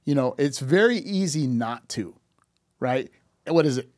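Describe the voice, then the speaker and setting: A man's voice: mid-range voice, animated, measured pace, darkish tone, no room sound, studio quality. A man in his fifties talking casually on a podcast, telling stories animatedly, acting out quoted dialogue and often restarting his sentences. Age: 50s. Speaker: podcast guest.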